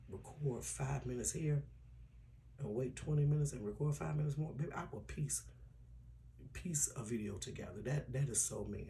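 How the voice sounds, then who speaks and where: A man vlogging an update to his viewers in a casual, earnest way, with a tired, hoarse throat. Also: medium pitch, warm tone, slight background noise. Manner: earnest, personal and emotional, drops to a whisper at times. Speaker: YouTuber.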